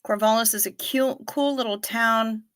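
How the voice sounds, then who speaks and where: A woman's voice: fairly high pitch, steady tone, normal speed, fairly bright tone, clean tone, no room sound, clean studio sound. A woman hosting a live stream in a casual, chatty way, reading out viewer comments with wry asides and repeating herself for effect. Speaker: livestream host.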